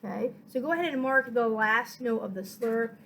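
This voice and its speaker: A woman violin teacher giving a patient, step-by-step lesson, counting beats aloud and filling pauses with "uh" and "um". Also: a little high, loud music behind the voice, rough recording. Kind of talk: online music lesson.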